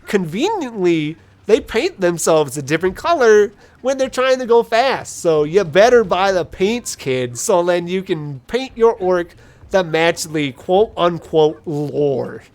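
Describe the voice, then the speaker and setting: This let's play commentator speaks a little slowly in a voice that sits high. He rambles animatedly through jokey stories while playing a video game.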